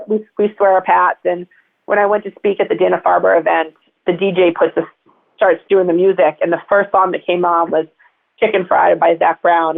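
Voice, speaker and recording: A woman's voice: fairly low pitch, creaky. A woman telling personal stories as an interview guest, in a chatty, rambling way full of fillers. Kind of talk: casual interview storytelling. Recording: tinny phone line.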